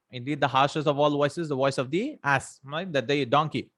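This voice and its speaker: A man's voice: mid-range voice, a little fast, hardly any pauses, fairly bright tone. A man teaching an Arabic grammar lesson, explaining step by step, reading out example sentences and translating them, and often checking in with "right?" and "hmm?".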